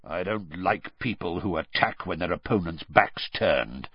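A man growling as a gravelly old battle-worn wizard. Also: low voice, animated, unhurried, dry recording, pitched below the performer's own voice, full character voice. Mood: menacing growl. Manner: blunt, menacing, unbothered. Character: gruff old male war-scarred wizard teacher. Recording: dull, dry close-mic recording.

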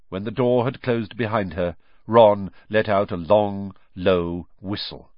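Low-voiced man reading a storybook. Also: steady tone, slow, dry recording, muffled recording. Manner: acts out each character's voice. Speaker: audiobook narrator.

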